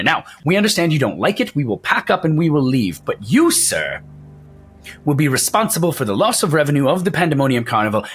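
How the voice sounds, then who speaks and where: A pompous middle-aged carnival master, loud and indignant, who talks in formal, blustering phrases, as a man puts him on. The voice swings up and down with a lively pitch. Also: natural voice.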